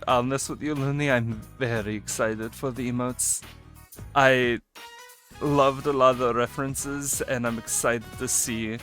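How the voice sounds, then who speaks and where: A man's voice: mid-range voice, bright, forceful tone. A man streaming and chatting casually in a put-on character voice, laughing often and swearing freely. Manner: talks in a put-on character voice he uses for his persona. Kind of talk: casual live-stream chat.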